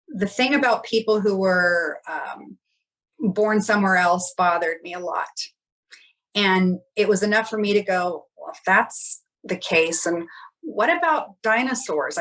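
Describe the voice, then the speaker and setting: A woman's voice: medium pitch, animated, measured pace, fairly bright tone, poor audio. A woman, a podcast guest, telling a personal story in a candid, reflective way and often acting out quoted dialogue.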